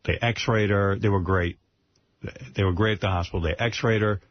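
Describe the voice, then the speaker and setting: A man's voice: fairly low pitch, fairly even intonation, normal speed, dull audio. A man hosting a radio show, telling a rambling, emotional story in casual talk, repeating himself. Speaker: radio host. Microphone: studio microphone, dry.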